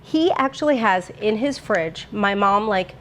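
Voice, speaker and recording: A woman's voice: medium pitch, expressive, unhurried, a bit bright, a little hiss or hum. A woman presenting a sponsored cooking demo in a home kitchen, talking in a chatty, bubbly way with lots of fillers. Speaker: brand presenter.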